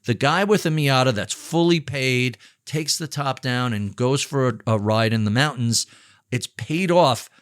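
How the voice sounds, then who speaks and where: A middle-aged man answering interview questions, telling lively, jokey stories about spending and investing. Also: mid-range voice, unhurried, smooth, no room sound, studio quality. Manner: animated storyteller, jokey asides, conversational. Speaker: author and investment firm chief.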